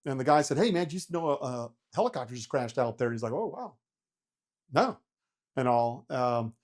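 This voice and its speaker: His voice sits in the mid-range with a slightly mellow quality. A middle-aged ex-helicopter pilot, he tells a story during a casual interview, acting out how he panicked and swearing openly.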